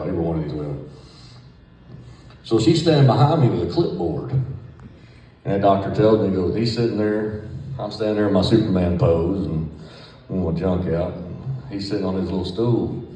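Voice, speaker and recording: Middle-aged man, low and dark-toned, profane drawling storyteller; roomy distant recording. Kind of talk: storytelling anecdote. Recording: roomy, far from the mic.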